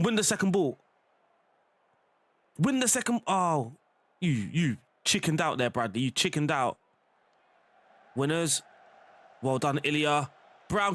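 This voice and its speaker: An excitable man chats his way through a football management game, often breaking into shouts at the action. His voice sits a touch high, and the room is dry and close. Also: no room sound. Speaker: gaming streamer. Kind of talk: live game commentary.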